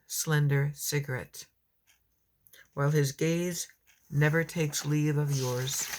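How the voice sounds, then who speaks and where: Middle-aged woman poet, casual and rambling, reads her verse slowly and softly at home. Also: deep voice. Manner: chatty and rambling between poems, reads slowly and tenderly. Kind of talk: casual chat and reading her own poems aloud.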